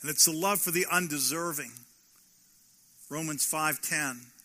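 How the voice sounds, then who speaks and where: A man's voice: on the high side, unhurried, bright, forceful tone. A male pastor preaching a sermon, driving points home with rhetorical questions and repeated phrases.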